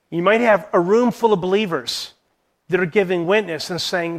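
Earnest high-voiced man teaching. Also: normal speed. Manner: earnest, poses rhetorical questions. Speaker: Christian teacher. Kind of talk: teaching talk to church leaders.

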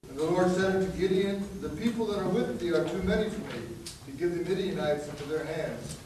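A man reads scripture aloud at a steady, measured pace. He sits well away from the microphone in a very echoey room. Background noise runs clearly under his voice. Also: sits high. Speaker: scripture reader. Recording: distant echoey noisy room mic.

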